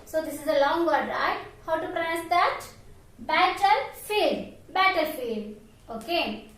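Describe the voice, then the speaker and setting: A high-voiced woman leads a primary school lesson. She spells out words letter by letter and keeps checking in with the children. She is recorded in a very echoey room, standing far from the mic. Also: lively intonation, moderate pace, a bit bright. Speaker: primary school English teacher. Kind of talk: online class lesson.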